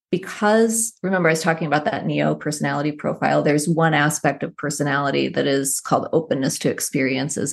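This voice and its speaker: A woman psychologist, a guest in a conversational interview, talking in a thoughtful, unhurried, storytelling way. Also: low-pitched, gravelly, husky.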